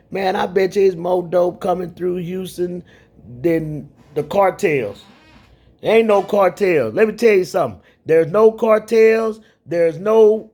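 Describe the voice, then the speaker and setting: A man delivers a heated, profane rant, circling back and repeating his points. His voice sits high for a man. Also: darkish tone. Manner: rambling and repetitive, profane, heated. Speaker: commentator. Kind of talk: ranting commentary.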